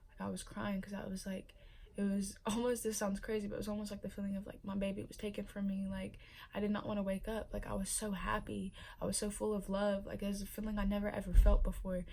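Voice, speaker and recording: A young pregnant woman talks in a casual, chatty vlog, full of fillers and easily moved to emotion. Her pitch sits in the middle and her delivery stays fairly flat in melody. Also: a little fast, gravelly. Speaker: vlogger.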